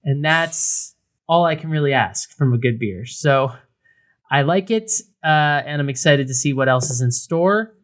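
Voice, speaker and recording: A man's voice: fairly high pitch, expressive, unhurried, a bit bright. A man co-hosting a beer podcast, talking casually with lots of fillers and restarts. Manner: rambling, many fillers and restarts. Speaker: podcast co-host. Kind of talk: casual beer review chat.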